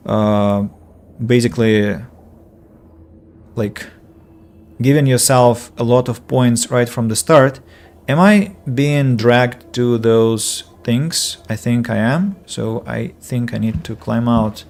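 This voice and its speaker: A man speaks slowly in a medium-pitched, slightly mellow voice. He's an English teacher streaming a video game, giving casual let's-play commentary that rambles, corrects itself, leans on fillers, and answers viewers' comments out loud.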